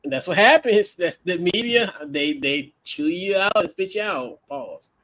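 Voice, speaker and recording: Bright, high-voiced male podcast host. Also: expressive, unhurried, slight background noise. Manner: playful, laughs often. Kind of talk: casual sports chat.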